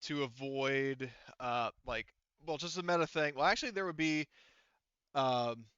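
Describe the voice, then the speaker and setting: A man's voice: mid-range voice, unhurried, a bit bright, clean tone, dry recording, highs cut off. A man running a tabletop game as game master, rambling through his descriptions with lots of fillers and restarts.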